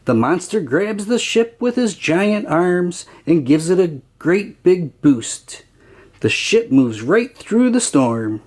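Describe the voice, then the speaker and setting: Children's read-aloud narrator, unhurried, sing-song, wide lively pitch. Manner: slow, expressive, sing-song. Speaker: storybook reader.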